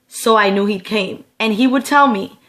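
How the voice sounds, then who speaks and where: A woman's voice: medium pitch, moderate pace, fairly bright tone. A young adult woman telling a personal story on her vlog, emphatic and profane, often checking in with her viewers. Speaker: beauty vlogger.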